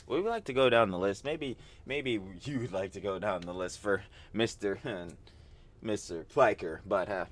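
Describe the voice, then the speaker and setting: A man reacting to a video in casual, profane, slang-heavy banter. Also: deep voice. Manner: profane slangy banter, bursts into loud laughing rants. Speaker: reaction streamer.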